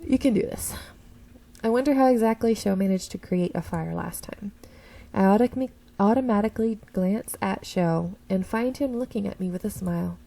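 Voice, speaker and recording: Woman streamer narrating a story game, mellow and gravelly, reads expressively and fixes her stumbles. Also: medium pitch, normal speed, low-quality recording. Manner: expressive first-person reading, slips and corrects herself. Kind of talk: reading a visual novel aloud with asides.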